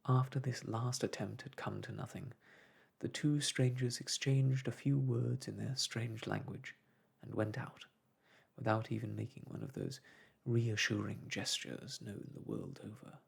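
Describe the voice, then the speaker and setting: A man reading a classic novel aloud in a soft, hushed ASMR storytelling style. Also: lowish voice, animated, measured pace. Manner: hushed, breathy and gentle.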